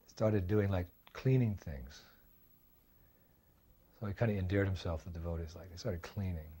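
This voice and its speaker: A man's voice: sits low, normal speed, long pauses, warm tone, slightly rough. An older man, a monk speaker, telling a reminiscence in a loose, anecdotal way, full of fillers and acted quotes. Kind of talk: storytelling reminiscence.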